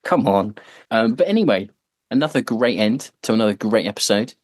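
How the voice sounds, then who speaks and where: Guy hosting a podcast, lowish voice, chatty and jokey, dry close sound. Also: expressive, brisk, dry recording. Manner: chatty, joking, lots of fillers. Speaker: podcast host. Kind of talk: casual chat.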